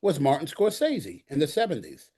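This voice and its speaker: Animated middle-aged New York man telling stories. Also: a little high, moderate pace, husky. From the Bronx, New York. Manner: animated, acts out quotes, repeats himself. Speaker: guest actor. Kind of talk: storytelling interview.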